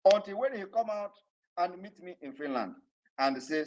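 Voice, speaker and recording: A man giving a defiant, impassioned political address to supporters, shouting at times. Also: sits high, big pitch swings, brisk, poor audio. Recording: online audio room broadcast.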